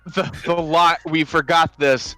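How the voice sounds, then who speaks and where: A man's voice: a little high, little pitch movement, measured pace, pushed and bright, soft background music. A man co-hosting a podcast in casual chat, retelling movie scenes animatedly with laughs. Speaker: podcast co-host.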